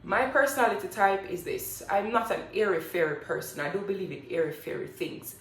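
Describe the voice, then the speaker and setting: A woman's voice: medium pitch, expressive, fairly quick. A young woman, speaking bluntly and emphatically to camera as a finance vlogger. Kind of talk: direct-to-camera motivational talk. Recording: echoey room.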